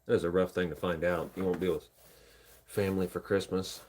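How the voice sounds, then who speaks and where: A man's voice: low voice, little pitch movement, brisk, darkish tone, slight background noise. A young man from Indiana chatting casually on a live stream, rambling and joking at himself while talking to chat and his dog. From Indiana, USA. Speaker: livestreamer.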